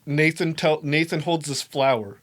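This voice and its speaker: A young man telling a story in a casual, animated way, swearing often and laughing as he talks. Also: fairly high pitch, moderate pace. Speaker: podcast host.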